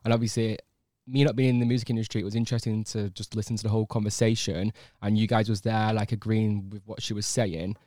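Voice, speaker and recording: A man's voice: on the low side, flat delivery, quick pace, hardly any pauses, dark tone. A man hosting a podcast in casual, playful chat, teasing his guests and laughing often. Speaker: podcast host.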